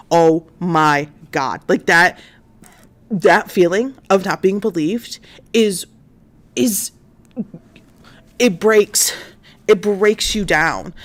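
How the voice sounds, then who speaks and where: A woman hosting a livestream, retelling a crime story in casual chat, full of fillers and acted-out quotes. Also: medium pitch. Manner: chatty, many fillers, acts out quotes. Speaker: stream host. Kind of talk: casual true-crime recap.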